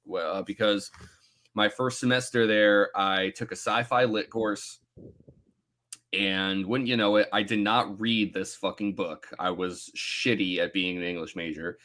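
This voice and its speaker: A man in his thirties co-hosting a book club podcast, chatting casually, animated and self-mocking, swearing freely. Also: on the low side, measured pace. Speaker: podcast co-host.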